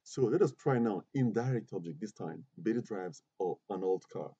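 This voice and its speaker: A man teaches grammar to a class, his voice very dark and a little husky. He talks patiently, repeats his words and keeps checking that everyone follows. The recording is dry and muffled, with little room sound. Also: on the low side, animated, moderate pace, no echo. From Côte d'Ivoire. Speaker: English teacher.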